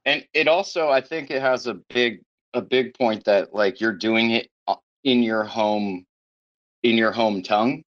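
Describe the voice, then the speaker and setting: A man's voice: mid-range voice, unhurried, a bit bright. A man hosting a podcast in casual chat, sarcastic and profane, riffing loosely as he reads news aloud. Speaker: podcast host. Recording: dull lo-fi podcast audio.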